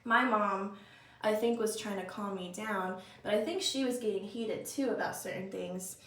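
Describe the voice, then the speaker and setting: A young woman vlogger telling a spooky story in a casual get-ready-with-me chat, animated and full of "like" fillers. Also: medium pitch, normal speed, distant mic. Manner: animated, chatty, lots of "like" fillers. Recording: roomy echo, a bit off-mic.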